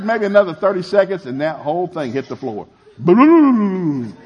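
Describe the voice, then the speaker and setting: A middle-aged man preaching a sermon, telling a family story with animated, shouted retellings. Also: sits high, normal speed, husky. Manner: animated, shouting in acted-out scenes, laughing. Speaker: pastor.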